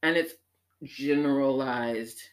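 A woman hosting a show, talking in an animated, emphatic personal monologue that swings up into exclamations. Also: very deep voice, slow pace. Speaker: podcast host.

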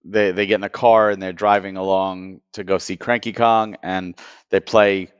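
Male podcast co-host, emotional and chatty; smooth tone, dry, slightly dull recording. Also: sits low, little pitch movement, moderate pace, dry recording. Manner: enthusiastic, emotional, repeats words. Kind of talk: casual podcast chat.

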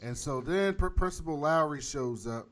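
Give me a profane, animated male podcast recapper. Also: fairly high pitch, moderate pace. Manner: animated storytelling, profane slang. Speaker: podcast host recapping a TV episode. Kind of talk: casual chat. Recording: noisy with clicks.

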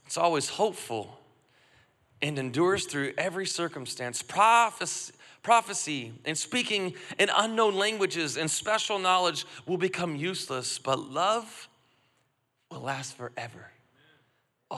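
A man, a father of a young son, preaching a sermon and calling on the congregation to repeat phrases back, swinging between loud urging and hushed reflection. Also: sits high. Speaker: pastor. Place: church auditorium. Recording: long hall reverb, music faint behind.

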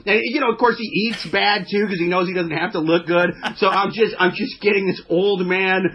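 A man's voice: sits high, fairly even intonation, a little fast, slight background noise. A man in casual podcast chat, rambling and profane, often acting out mocking voices. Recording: dull lo-fi sound.

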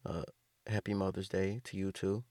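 A man's voice: low voice, little pitch movement, moderate pace, warm tone, no room sound, studio quality. A man delivering a rambling, profane comedic rant, riffing loosely and restarting his sentences. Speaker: comedic host.

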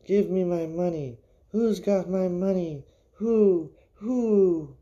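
A man voicing the ghost of a dead woman in a spooky told story, wailing high as he demands his money back. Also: slow, dark tone, lo-fi sound. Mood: demanding. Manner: high moaning wail, rising on each cry.

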